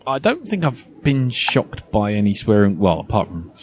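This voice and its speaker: A man's voice: lowish voice, huge pitch swings, moderate pace, darkish tone, a little hiss or hum. A man hosting a casual podcast chat, rambling and laughing often. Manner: rambling, laughs often, lots of "you know". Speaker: podcast host.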